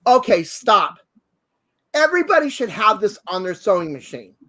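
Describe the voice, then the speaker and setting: A man with a high voice that leaps all over the place, demonstrating sewing gadgets with gushing excitement. He keeps exclaiming how fabulous things are. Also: normal speed. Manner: exuberant, exclaims and repeats "fabulous" and "hello". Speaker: costume designer and co-host. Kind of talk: enthusiastic product demo chat.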